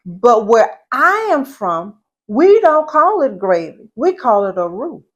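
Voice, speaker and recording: A middle-aged woman from Southeast Louisiana with a Southern accent, teaching etiquette and speech in a deliberate way, repeating points and asking the listener questions. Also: a little high, very animated, dull audio. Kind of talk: instructional talk.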